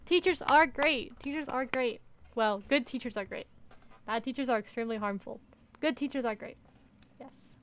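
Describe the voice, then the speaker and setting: A woman's voice: a little high, normal speed, pauses often, slight background noise. A woman streamer reading a story game aloud and commenting casually, swearing and laughing.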